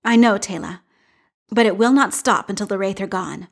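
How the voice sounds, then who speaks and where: A woman's voice: mid-range voice, normal speed, creaky, husky. A woman voicing a firm mother speaking urgently with fear under it. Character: fearful, urgent mother of a young girl.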